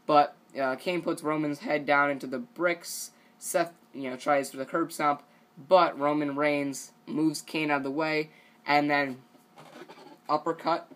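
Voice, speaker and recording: A man rambles through a wrestling show recap in a relaxed, unscripted way. He leans on filler words and drops casual swears as he goes. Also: on the high side. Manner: rambling, loose, full of "you know" and "like".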